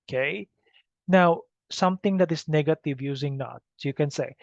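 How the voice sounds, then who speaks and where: A man's voice: a little high, vocal fry, darkish tone, dry recording. A man teaching an English grammar lesson, speaking patiently and often checking in with "okay?" on a dull, dry recording. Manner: slow, patient, repeats "okay?" to check understanding.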